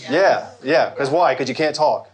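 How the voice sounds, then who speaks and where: A man in his forties does a lively, wry stand-up set for a live audience in a large hall, talking to the crowd. His voice is a little high at normal speed, and the recording is very noisy.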